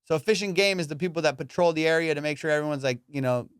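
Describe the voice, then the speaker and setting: A man's voice: a little high, fast, clean tone, no echo, studio quality. A man hosting a comedy podcast, telling a story with lots of swearing and fillers. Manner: animated and profane, with lots of fillers.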